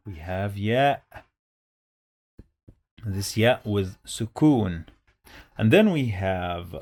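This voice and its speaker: A man's voice: fairly low pitch, expressive, extremely slow, pauses often, darkish tone, no echo. A man teaching Quran reading to beginners, patiently sounding out and repeating each syllable. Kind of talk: step-by-step reading lesson.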